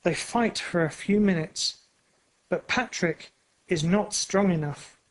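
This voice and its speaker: A narrator reading a storybook aloud for language learners in a clear, carefully paced way. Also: mid-range voice, takes it slowly, poor audio.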